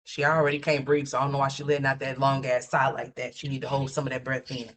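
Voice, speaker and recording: A woman's voice: very deep voice, level tone, quick pace. A woman doing casual live commentary as a streamer, blunt and profane, scolding the person she is reacting to. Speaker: livestream commentator. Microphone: streaming mic.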